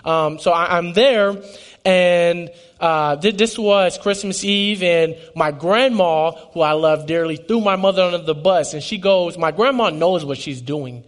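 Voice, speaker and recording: A man in his twenties with a high, light voice shares his testimony in an earnest, emotional way. He often trips over his words and starts again. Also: unhurried. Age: 20s. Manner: earnest and emotional, with frequent restarts. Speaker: speaker giving a testimony. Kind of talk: personal testimony talk.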